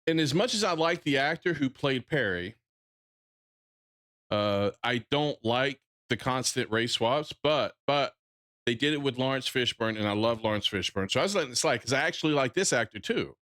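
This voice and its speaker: A man's voice: medium pitch, animated, normal speed, fairly bright tone. A man with a Southern drawl ranting bluntly on a casual livestream, swearing freely and often restarting his sentences. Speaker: streamer.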